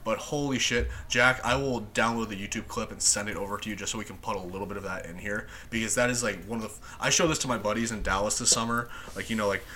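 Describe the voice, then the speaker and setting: Bright, lively man chatting. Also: on the low side, fast, few pauses, slight background noise. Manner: excited, laughing, quoting lines. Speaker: podcast host. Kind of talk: casual chat.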